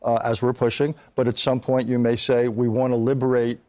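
An older man, a veteran diplomat, answering questions in a live news interview in a measured, analytical way. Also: mid-range voice, flat delivery, a little mellow. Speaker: foreign policy analyst guest.

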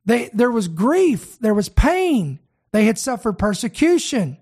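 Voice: medium pitch, big pitch swings, measured pace, a little mellow, breathy edge. A preacher delivering a sermon, speaking earnestly, repeating key words for emphasis and addressing the listeners directly.

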